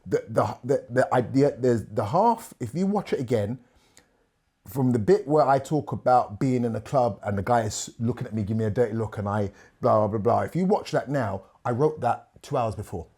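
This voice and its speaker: A man tells stories as a podcast guest. His tone is mellow and relaxed, and he stays animated throughout, often repeating words and acting out the lines of the people in his stories. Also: mid-range voice, normal speed, husky. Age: 50s. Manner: animated, repeats words, quotes others at length. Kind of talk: casual storytelling.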